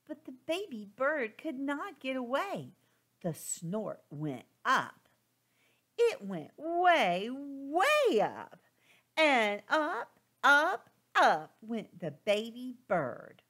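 A woman teacher reading a children's storybook aloud in a slow, expressive, sing-song way. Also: high voice.

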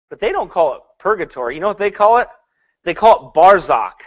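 Preaching a sermon with lots of animation, a man swings between loud and hushed delivery, laughs often, and mocks with put-on quotes. His voice sits high and moves a little fast.

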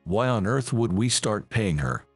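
A man's voice: lowish voice, animated, a little slow, husky, no room sound, soft background music, full character voice. A man voicing a reserved gamekeeper father, reading his lines in a curt manner. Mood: dismissive.

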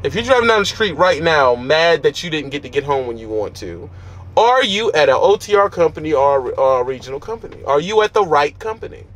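A man's voice: fairly high pitch, very animated, a little fast, a bit bright. A man who drives a truck, giving blunt, preachy advice in street slang from his truck cab. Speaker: trucker vlogger.

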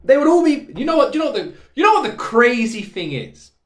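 Excitable guy doing a reaction vid, voice pretty high and bouncing all over, echoey room. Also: fairly quick. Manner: excitable, joking, swings between loud outbursts and low musing. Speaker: reaction video host. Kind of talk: casual reaction commentary.

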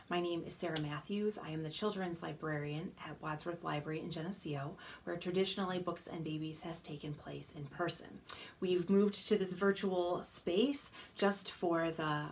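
A woman children's librarian leading a baby storytime from a small home studio, gentle and animated, often dropping to soft whispers. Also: on the low side, moderate pace, a little hiss or hum. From United States. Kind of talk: baby storytime with rhymes and songs.

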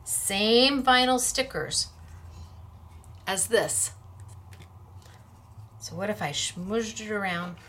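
A woman's voice: mid-range voice, lively intonation, takes it slowly, pauses often, a bit bright. A woman hosting a crafting class, talking in a chatty, playful way while she demonstrates.

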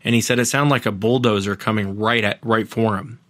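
A man's voice: fairly low pitch, steady tone, brisk, fairly bright tone, dry recording. A man, a podcast host appearing as a guest, earnestly retelling other people's encounters at length in a casual interview.

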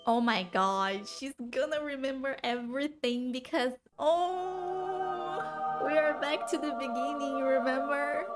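A woman's voice: sits high, a little slow, music in the background. A woman reacting to a TV drama, emotional and gushing, cursing freely in casual commentary.

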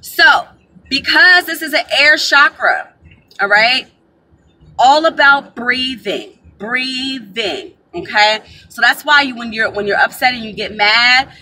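Woman, high and bright, animated spiritual-advice vlogger, faint noise under the voice. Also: a little slow, low-quality recording. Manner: chatty, animated, addresses viewers as y'all. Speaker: spiritual advisor. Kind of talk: casual spiritual teaching to camera.

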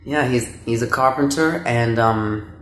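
A man's voice: medium pitch, unhurried, fairly bright tone. Laid-back male guest, joking, casual chat; roomy echo. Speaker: guest, yoga teacher. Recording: roomy echo, faint noise.

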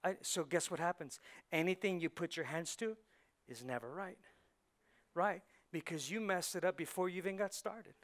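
A male pastor delivers a lively sermon in a church, his voice sitting high for a man. He fires rhetorical questions at the congregation and slips into the voices of the thoughts in people's heads, swinging between hushed asides and loud, pushed lines. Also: normal speed. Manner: animated preaching, acting out inner voices, rhetorical questions. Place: church sanctuary.

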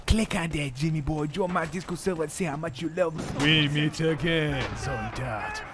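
A young man chatting crudely and joking loudly while playing an online shooter, over game gunfire. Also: fairly high pitch, steady tone, fast talker, music in the background. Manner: loud, crude joking, bursts of shouting. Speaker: gaming YouTuber. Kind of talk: crude casual chat while gaming. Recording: gameplay with loud gunfire behind.

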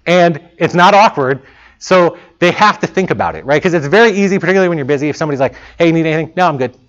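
A man's voice: a little high, expressive, very fast, a bit bright. A man in his thirties giving a casual talk to students as a guest speaker, chatty and self-deprecating, laughing often. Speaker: guest speaker, lead programmer. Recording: muffled lo-fi recording.

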